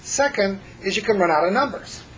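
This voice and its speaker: Lively male hypnosis instructor, noisy room. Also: sits high, brisk. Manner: lively, jokey, shifts between loud teaching voice and soft hypnotic delivery. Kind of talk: teaching a class with live demonstration. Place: classroom with students.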